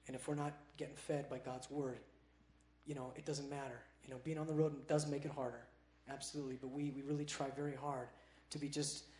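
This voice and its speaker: A man's voice: medium pitch, level tone, a little fast, darkish tone, reverberant. A man from Southern California, a touring Christian musician, answering questions on stage in an eager, laid-back way. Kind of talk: casual on-stage interview.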